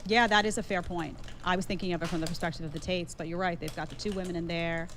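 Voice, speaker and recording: A woman's voice: on the low side, fairly even intonation, fast talker, fairly bright tone. A woman co-hosting a talk stream, reading out viewer messages and thinking aloud in casual chat. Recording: faint background noise.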